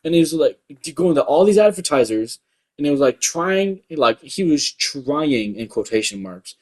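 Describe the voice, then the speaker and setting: A man's voice: medium pitch, a little mellow. A young man with a light voice, ranting profanely in a rambling commentary full of filler words. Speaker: YouTube commentator.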